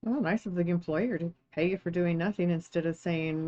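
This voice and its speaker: This woman has a fairly low voice and talks quite quickly, chatting with stream viewers while she crafts, reading chat and offering warm thanks that turn emotional and teary. The sound is lo-fi, though she's on a streaming setup rather than a phone.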